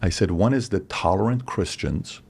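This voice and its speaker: A man in his forties, a podcast guest, speaking in an animated, opinionated monologue full of rhetorical questions and acted-out quotes. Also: sits low, normal speed, gravelly, slightly rough. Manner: acts out quoted voices, emphatic, rhetorical questions.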